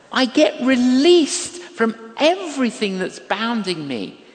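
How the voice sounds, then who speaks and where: An older man preaching a sermon, telling a story and acting out the quoted voices of the people in it. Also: high-pitched. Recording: long hall reverb.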